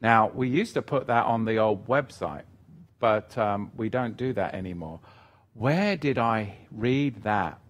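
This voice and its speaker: A man's voice: lowish voice, a little slow. A man teaching scripture on a live stream, reading out viewer questions and thinking aloud as he answers, rambling with restarts and getting emphatic on scripture.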